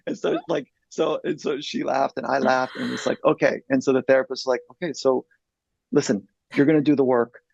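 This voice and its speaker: A man in his fifties speaks as a psychologist guest, earnest and blunt, and he swears freely. His voice is gravelly at a middle pitch. The recording is dry and slightly dull. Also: steady tone, fairly quick, darkish tone, no echo. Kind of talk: candid personal storytelling.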